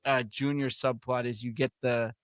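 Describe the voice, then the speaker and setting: Laid back dude on a movie podcast, kinda halting, dry sound. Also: male voice, medium pitch, level tone, no room sound. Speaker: podcast co-host. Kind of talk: casual movie discussion.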